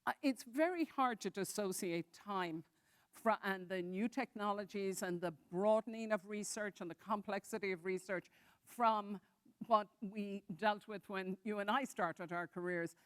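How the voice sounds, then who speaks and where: A woman on a panel discussion, speaking in a careful, measured way with some fillers. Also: medium pitch, dry recording, clean studio sound.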